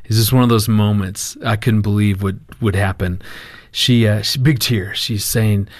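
A middle-aged man with a lowish voice appears as a guest marriage counselor, telling a family story casually. His telling is animated and full of halting restarts.

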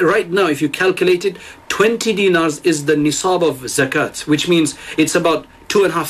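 A man's voice: high voice, husky, low-quality recording. A man teaching a religious lesson, retelling stories earnestly and speaking to his listeners directly, often restarting his words.

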